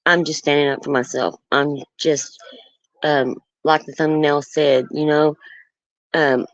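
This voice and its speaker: A livestream host in casual talk, speaking earnestly and firmly about setting boundaries, halting often with ums and restarts. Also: mid-range voice, flat delivery, no room sound. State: nervous. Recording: dull lo-fi stream audio.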